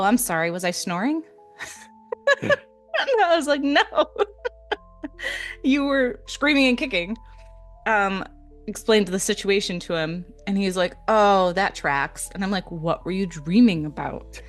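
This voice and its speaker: A young adult woman co-hosting a podcast, retelling a story in a casual, animated way with frequent laughs and fillers. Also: mid-range voice, takes it slowly, pauses often, soft background music. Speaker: podcast co-host.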